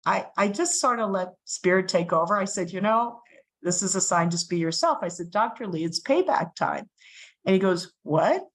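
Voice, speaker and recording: A middle-aged woman telling a personal story as a guest speaker, animated and acting out the voices of the people in it. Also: fairly low pitch, rough recording. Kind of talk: storytelling talk.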